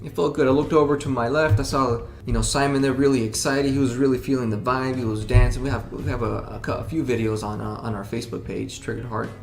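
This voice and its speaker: A man's voice: mid-range voice, fairly even intonation, fast, vocal fry, hardly any pauses. A man, a rock band member, chatting in an interview, rambling with many restarts and fillers. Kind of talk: casual interview chat. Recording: roomy sound with background music.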